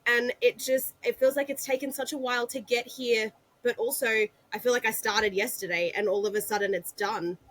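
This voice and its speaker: A woman's voice: a little high, steady tone, normal speed, few pauses, a bit bright. A woman with an Australian accent, an author guest talking casually on a video call, reflective and often restarting her sentences. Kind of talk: casual interview chat.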